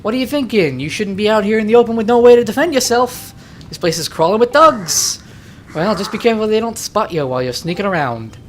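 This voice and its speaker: A woman's voice: medium pitch, expressive, fairly quick, a little hiss or hum, close to an everyday voice. A woman voicing a cocky, streetwise male mole creature with a New York accent, chummy and brash. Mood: warning. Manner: brash, chummy, calls listener pal.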